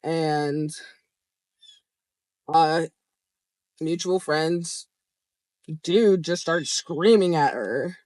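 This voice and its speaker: A young adult vlogger telling a story straight to camera, animated and expressive, swearing often. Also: mid-range voice, very slow, long pauses, no room sound. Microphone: camera framed close to the speaker.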